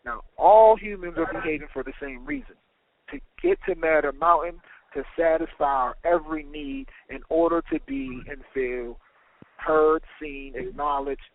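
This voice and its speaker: A man's voice: a little high, lively intonation, normal speed, vocal fry, no echo. A man from the United States hosting a podcast, telling a story in an emphatic, dramatic way. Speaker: podcast host. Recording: tinny phone-like line.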